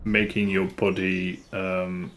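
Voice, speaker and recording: Deep-voiced British man streaming a game. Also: flat delivery, a bit bright, a little hiss or hum. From Britain. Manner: unhurried, chatty, answers chat with dry humour. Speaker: live streamer. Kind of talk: casual live gameplay commentary.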